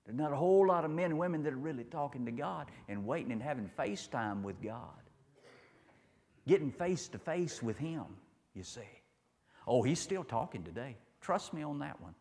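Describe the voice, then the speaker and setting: A man's voice: medium pitch, lively intonation, moderate pace, darkish tone, big-room sound. A man preaching a sermon in a folksy, storytelling way, repeating his phrases and asking the listeners "huh?".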